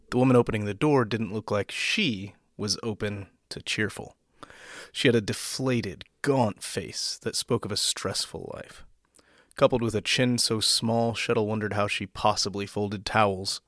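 A man with a lowish voice hosts a fiction podcast and reads the story himself. He talks in a relaxed, self-deprecating way. The sound is dry and close. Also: no room sound. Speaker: podcast host and narrator. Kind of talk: reading a short story aloud.

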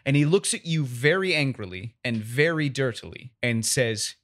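Animated man narrating as game master. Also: medium pitch, normal speed. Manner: animated, descriptive, chuckling at slips.

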